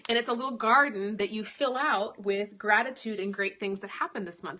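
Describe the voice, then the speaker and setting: A woman's voice: medium pitch, bright, forceful tone. A young woman hosting a casual live stream, talking earnestly about her faith, with frequent ums and little laughs. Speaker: live-stream host and author.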